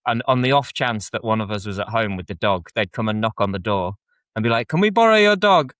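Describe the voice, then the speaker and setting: A man, co-hosting a podcast and telling a funny anecdote in a relaxed, casual way. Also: fairly low pitch, brisk, no room sound. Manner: anecdotal, laughs while telling. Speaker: podcast co-host. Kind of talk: casual chat.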